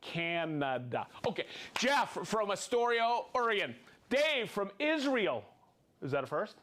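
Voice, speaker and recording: A man hosts a live stream, reading viewers' names and hometowns quickly in an upbeat, playful manner. His voice is high and sing-song with a fairly bright tone.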